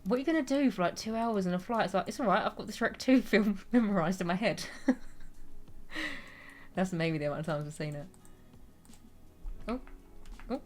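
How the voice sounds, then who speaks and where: A woman's voice: medium pitch, lively intonation, moderate pace, long pauses, faint music behind. A young woman streaming a game, chatting casually, giggling and reading chat aloud.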